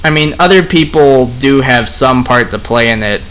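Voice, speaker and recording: A young man chats loosely to his audience while he plays, drifting between the game and his thoughts. His voice is bright and forward, with a middle pitch. He rambles in a relaxed, conversational way. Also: normal speed, slight background noise. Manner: relaxed, rambling, talks to viewers. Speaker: gaming vlogger. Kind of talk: casual commentary while playing.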